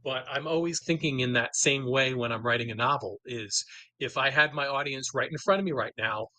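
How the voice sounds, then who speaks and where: A middle-aged man, a novelist and guest, talking about his writing in an enthusiastic, animated way. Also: medium pitch, a little fast, no room sound, rough recording. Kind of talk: casual interview talk.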